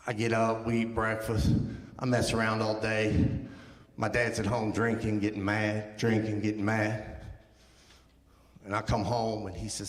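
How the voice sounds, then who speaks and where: Guest preacher, man in his fifties, animated storyteller who acts out his quotes, in a reverberant sanctuary. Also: on the low side. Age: 50s. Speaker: guest speaker. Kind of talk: sermon testimony storytelling. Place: church sanctuary. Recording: echoey church hall.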